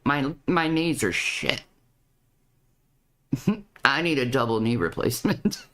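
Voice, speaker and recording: A woman's voice: very deep voice, sing-song, slow, a bit bright, a little hiss or hum. A woman commenting on a video clip, often stammering and repeating her words. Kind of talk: reaction commentary.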